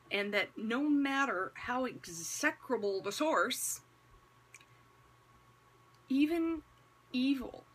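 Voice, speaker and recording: A woman vlogger speaks to the camera with a religious message, keeping her commentary casual, wry and conversational while asking rhetorical questions and slipping in sarcastic remarks. Her voice is a little high, a bit bright and slightly rough.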